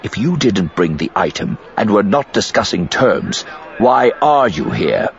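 A man voicing a smooth, menacing male crime boss who speaks quietly in clipped, hissing words. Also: fairly low pitch, sing-song, unhurried, highs cut off, pitched above the performer's own voice, exaggerated voice. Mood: calculating.

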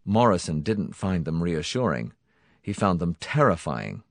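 A man narrates a dark story in a low, deep voice. His pitch swings widely and dramatically as the tension builds. The sound is close and dry, with faint music beneath. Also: very animated, measured pace, dry recording. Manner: dramatic, varied, tense. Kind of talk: audiobook narration.

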